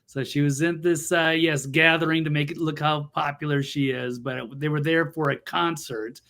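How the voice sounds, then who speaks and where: A man's voice: a little high, steady tone, moderate pace, vocal fry, a bit bright. A man hosting a political talk show, commenting in a blunt, mocking way with lots of restarts and fillers. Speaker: show host.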